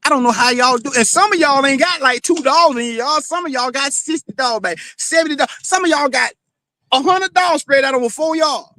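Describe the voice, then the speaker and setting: A man's voice: very high-pitched, moderate pace, pushed and bright. A man from Florida, hosting his own stream in a rambling, cussing monologue full of "you know"s. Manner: rambling, swears often, many "you know"s. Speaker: streaming show host. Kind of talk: casual monologue.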